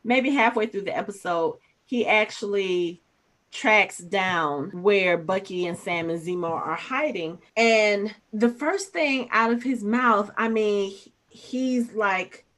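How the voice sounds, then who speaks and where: A woman with a mid-range voice talks through a show episode in a relaxed podcast chat. She slips into quoted lines with rising emphasis. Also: medium pitch, slow pace. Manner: retells scenes, quoting characters with rising emphasis. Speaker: podcast co-host. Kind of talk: casual recap chat.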